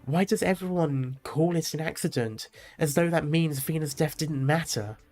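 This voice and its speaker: A man's voice: a little high, moderate pace, darkish tone, natural voice. A man reading as a grief-stricken young winged woman. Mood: anguished. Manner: reading the lines aloud, mostly plain.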